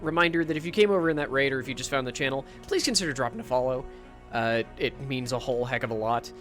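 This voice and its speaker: A man's voice: mid-range voice, fast talker, a bit bright, faint music behind. A man hosting a casual gameplay livestream, chatting in a rambling way and swearing now and then.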